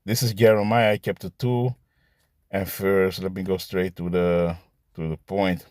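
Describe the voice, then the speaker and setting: A street preacher delivers a casual sermon with scripture readings, repeating himself, laughing between points and ending phrases with "man" and "you see." His low voice is flat, a little slow and slightly mellow, recorded clean in a studio with no echo.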